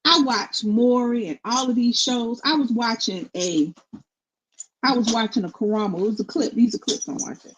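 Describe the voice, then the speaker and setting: A middle-aged woman co-hosting casual commentary, blunt and opinionated in a steady, even tone. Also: fairly high pitch, normal speed, lo-fi sound, a little hiss or hum. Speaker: co-host.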